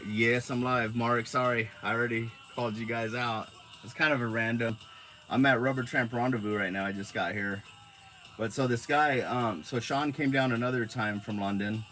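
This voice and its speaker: A man's voice: fairly low pitch, bright, forceful tone. A man from Arizona telling rambling stories on a casual live stream into his phone, laid-back and swearing freely.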